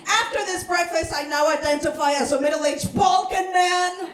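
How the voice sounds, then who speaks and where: A Mexican American woman works a comedy club stage, her bright, high voice punching out jokes. She yells her punchlines and slips into Spanish. The sound bounces around a roomy, echoey venue. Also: fairly even intonation, normal speed. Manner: brash, shouting punchlines, mixes in Spanish. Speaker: stand-up comedian. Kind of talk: stand-up comedy set.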